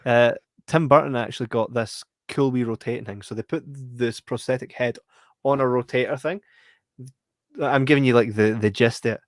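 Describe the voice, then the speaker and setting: Lively Scottish man laughing through film chat. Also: mid-range voice, normal speed, no echo, studio quality. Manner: animated, laughing, acts out scenes with squeals and sound effects. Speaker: podcast co-host.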